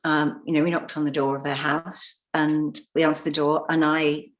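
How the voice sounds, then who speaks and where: A middle-aged British actress recounting stories as an interview guest, animated and acting out the voices of people she quotes. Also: sits low, normal speed. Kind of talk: conversational interview storytelling.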